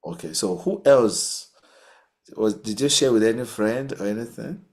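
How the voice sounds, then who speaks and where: A man hosting a podcast, interviewing a guest with brief affirmations and measured questions. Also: fairly low pitch, lively intonation, darkish tone. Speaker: podcast host.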